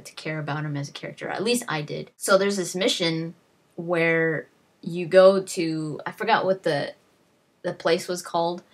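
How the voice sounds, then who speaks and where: A young woman vlogger casually retelling game moments, rambling with many fillers and restarts and acting out what characters said. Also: fairly low pitch. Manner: rambling, lots of fillers and restarts, acts out quotes. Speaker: gaming vlogger. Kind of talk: casual storytelling.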